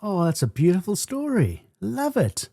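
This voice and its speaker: A man's voice: high-pitched, wildly swooping pitch, normal speed, vocal fry, dark tone, dry recording, studio quality. A South African man with a South African accent hosting a breakfast radio show, asking playful, teasing questions. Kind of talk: radio interview. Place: radio studio.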